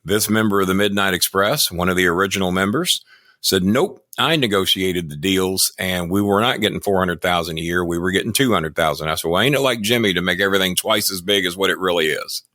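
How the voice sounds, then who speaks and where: An older American man, a former wrestling manager appearing as a podcast guest, talks fairly quickly in a low, bright, forceful voice. In casual chat he tells long, boastful, profane, rambling stories, recorded cleanly in a studio with no echo.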